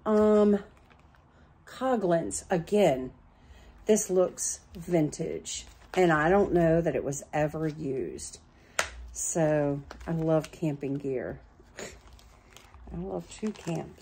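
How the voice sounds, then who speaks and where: A woman's voice: on the low side, breathy edge. A chatty middle-aged woman showing off her thrift store finds in a casual home vlog, gushing over little items. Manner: chatty, excitable, gushes over small finds. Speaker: thrift haul vlogger.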